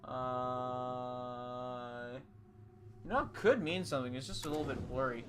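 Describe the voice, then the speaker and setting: A man's voice: mid-range voice, a little slow, long pauses, background noise. A man giving casual, jokey commentary while playing a story game, with goofy asides. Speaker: let's play gamer.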